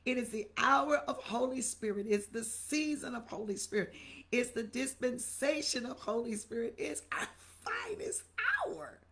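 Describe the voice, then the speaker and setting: A woman's voice: fairly high pitch, normal speed, a bit bright. A middle-aged woman bishop, preaching on a livestream sermon with exuberant repetition and greeting viewers by name.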